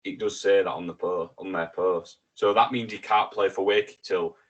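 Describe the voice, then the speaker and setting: Excitable swearing man. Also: sits low, normal speed, dull audio. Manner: excitable, swears a lot when riled. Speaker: podcast co-host. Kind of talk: casual chat.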